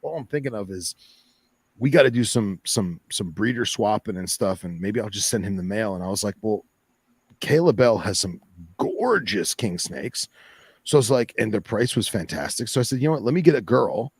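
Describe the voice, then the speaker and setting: A man's voice: fairly low pitch, expressive, normal speed, husky, no echo. A man co-hosting a podcast in laid-back, enthusiastic casual chat. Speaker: podcast co-host.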